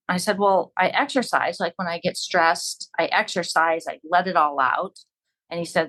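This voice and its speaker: A woman's voice: on the low side, normal speed, a bit bright, low-quality recording. A woman talking earnestly and reflectively in a casual podcast conversation.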